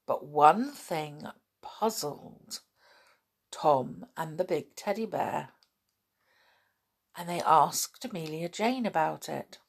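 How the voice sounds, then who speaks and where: A woman reading a children's story aloud, gentle and chatty with asides. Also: sits low, slow, long pauses. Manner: gentle, chatty asides, clears throat often.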